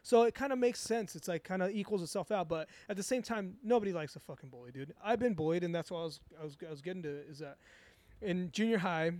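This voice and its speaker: A man's voice: high-pitched, fast talker, a little mellow, no echo. A young man from Southern California, co-hosting a casual podcast chat and telling a rambling, crude story full of swearing. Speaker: podcast co-host.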